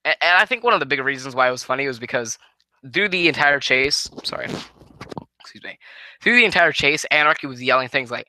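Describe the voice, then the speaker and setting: Tired, very bright-voiced man rambling. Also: mid-range voice, animated, fairly quick, no echo. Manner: rambling, swearing, frequent restarts. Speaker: wrestling show reviewer. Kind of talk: casual spoken review.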